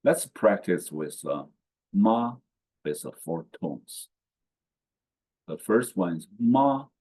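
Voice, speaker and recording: Slow, deep-voiced man teaching Mandarin tones. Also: lively intonation, darkish tone, breathy edge. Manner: models each syllable twice with careful tones. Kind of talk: slow language lesson with repetition.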